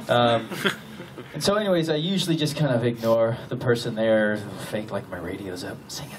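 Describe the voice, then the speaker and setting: A man's voice: medium pitch, lively intonation, a little fast. A man from the American South telling a comic story to a convention audience, laughing often and acting out his own panic. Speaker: convention panel guest. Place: large hotel convention room with live audience. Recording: distant audience recording, loud crowd and noise.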